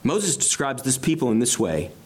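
A man's voice: mid-range voice, sing-song, moderate pace, slight background noise. A man preaching an expository sermon, reading scripture aloud and explaining it verse by verse with rising emphasis on key phrases. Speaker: pastor.

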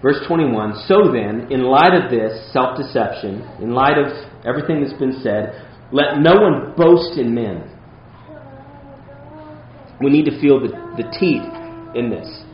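A man's voice: mid-range voice, normal speed, dull audio, slight background noise. Earnest man preaching in a roomy hall. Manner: earnest, emphatic preaching with conversational asides. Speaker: pastor. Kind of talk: sermon.

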